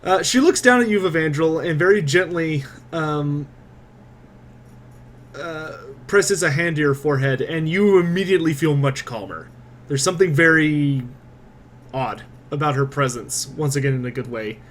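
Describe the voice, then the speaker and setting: A man narrating a tabletop game as game master, quick and descriptive, with frequent fillers. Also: a little high, a little hiss or hum.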